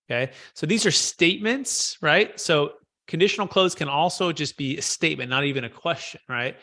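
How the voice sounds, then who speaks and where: Male sales trainer, bright and a bit high-pitched, coaching and repeating key points. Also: moderate pace. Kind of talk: live training session.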